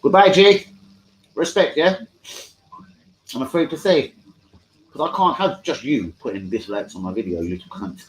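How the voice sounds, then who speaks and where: A man's voice: medium pitch, big pitch swings, moderate pace, pauses often, slight background noise, rough recording. Profane man ranting on a live stream. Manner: profane, combative, mocking, talks straight to chat. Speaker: fan channel host. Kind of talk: live-stream football rant.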